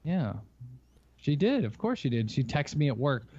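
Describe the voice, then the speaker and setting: A man's voice: a little high, sing-song, normal speed, mellow, no room sound. A man co-hosting a podcast, chatting casually and telling rambling stories with teasing jokes. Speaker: podcast co-host. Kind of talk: casual chat. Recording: slightly dull, lo-fi mic.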